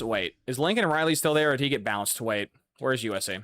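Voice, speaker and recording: Excitable young man commentating a game. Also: mid-range voice, fairly quick. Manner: excitable, swears, loud outbursts. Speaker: gaming YouTuber. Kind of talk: casual gameplay commentary.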